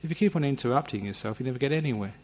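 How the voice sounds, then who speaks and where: A man giving a gentle, humorous meditation talk, acting out little scenes as he teaches. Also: medium pitch, expressive, very fast. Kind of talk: dharma talk. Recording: dull lo-fi recording.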